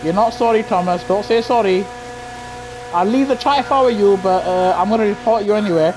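A man's voice: high-pitched, brisk, noisy background. Slangy man streaming to chat. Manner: slangy, talking straight at viewers, repeats himself. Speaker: live-streaming gamer. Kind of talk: casual live-stream commentary to chat. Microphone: gaming headset.

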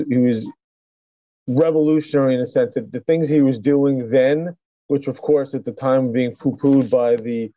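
A man's voice: medium pitch, warm tone, no echo, highs cut off. A middle-aged man, a chiropractor, telling his story in a casual interview with many restarts and fillers. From New York. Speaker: chiropractor guest.

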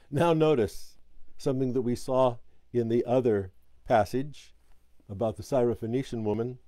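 Mellow-voiced man teaching scripture. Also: medium pitch, no room sound. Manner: measured, explanatory, pauses to correct slips. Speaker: Sabbath School teacher. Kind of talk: scripture reading with commentary.

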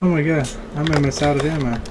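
Low-voiced woman muttering game commentary. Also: steady tone, quick pace. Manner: mumbled trash talk, muttering to self. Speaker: gaming video creator. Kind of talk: casual gameplay commentary. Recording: audible keyboard typing and room noise.

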